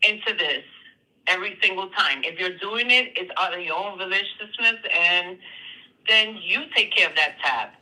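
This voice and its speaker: A speaker with a piercingly bright, sharp-edged voice talks on a live call-in stream. They weigh their words, pausing often on fillers before pressing a point. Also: medium pitch, rough recording. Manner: hesitant, measured, full of "you know" and "um". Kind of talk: casual chat.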